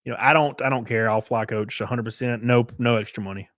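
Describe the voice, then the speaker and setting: A man's voice: mid-range voice, fairly even intonation, quick pace, fairly bright tone, dry recording, studio quality. A man hosting his livestream, ranting casually and profanely while mimicking people in mocking voices. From United States. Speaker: streamer host.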